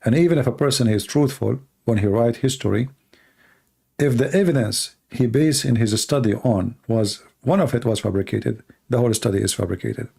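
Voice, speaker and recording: A man with a gravelly, dark voice speaks English as a second language, Arabic being his first. He hosts a casual live stream and answers viewer questions in a blunt, emphatic way, repeating words as he pushes his points. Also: medium pitch, moderate pace.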